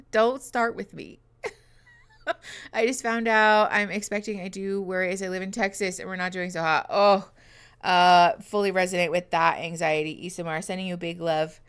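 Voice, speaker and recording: A woman's voice: mid-range voice, a bit bright, smooth. A woman in her thirties hosting a live reaction stream, chatting playfully with viewers, teasing and laughing often. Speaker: host reacting to a show live. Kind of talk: casual livestream chat.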